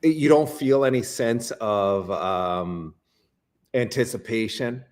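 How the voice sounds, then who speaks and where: A Canadian man appears as a guest in a casual interview, animated, with stammering restarts and plenty of fillers. He speaks slowly in a mid-range voice.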